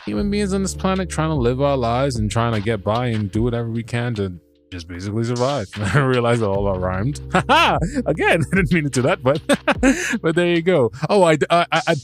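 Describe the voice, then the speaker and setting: A man's voice: mid-range voice, very animated, brisk. A man hosting a podcast, recapping a show in a casual, rambling way, stammering and restarting, laughing at himself and swearing freely. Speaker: podcast host reviewing a show.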